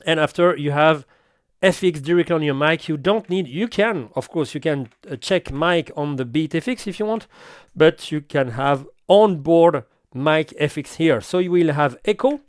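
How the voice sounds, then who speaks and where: Guy demoing gear in broken-ish english, kinda high voice, dry close sound. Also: no echo. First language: French. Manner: halting non-native English with restarts. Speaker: gear reviewer. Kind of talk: product demo walkthrough.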